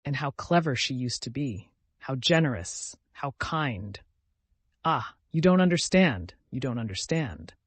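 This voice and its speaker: A man's voice: medium pitch, expressive, measured pace, fairly bright tone, breathy edge, no echo. A man voicing a timid, devout young woman who speaks in an earnest, pleading, distressed way.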